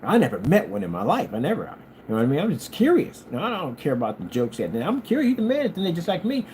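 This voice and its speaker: Animated rambling man with a mellow voice. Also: fast talker, a little hiss or hum. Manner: animated storyteller, jumps high for quoted lines; scolding, talks straight to a critic. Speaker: channel host. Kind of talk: casual rambling monologue.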